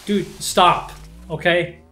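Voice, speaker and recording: A man's voice: sits high, steady tone, takes it slowly, pushed and bright, faint music behind. A young man commentating his first playthrough of a shooter game, jumpy and swearing often, yelping when startled. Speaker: gameplay streamer.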